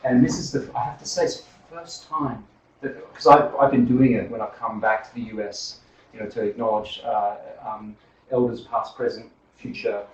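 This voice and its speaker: A man's voice: mid-range voice, steady tone, normal speed. A man with an Australian accent drifting toward American, giving a seminar talk in a chatty way with many fillers and restarts. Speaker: seminar speaker. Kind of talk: academic talk. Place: seminar room. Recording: roomy lecture hall from far off, dull.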